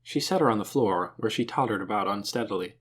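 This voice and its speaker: A man narrating an audiobook with an expressive, animated reading. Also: on the low side, fast talker, slightly rough.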